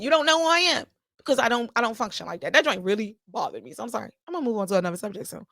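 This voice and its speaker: A woman's voice: on the high side, very animated, racing, a bit bright, dry recording, studio quality. A woman hosting a casual solo podcast, talking animatedly and sassily to her listeners, firing off emphatic rhetorical questions. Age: adult with children. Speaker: podcast host.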